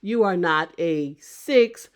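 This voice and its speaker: A woman's voice: fairly low pitch, animated, slow. Woman musing aloud, restarting her sentences. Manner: discursive, restarts and repeats phrases while thinking aloud. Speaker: vlogger. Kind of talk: casual opinion commentary.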